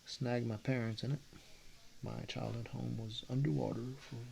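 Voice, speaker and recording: A man's voice: mid-range voice, fairly even intonation, moderate pace, gravelly, a little mellow, slight background noise. A man in his forties from Texas with a Texas accent, talking casually in a meandering, self-correcting way on a vlog. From Texas, USA. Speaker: artist vlogger.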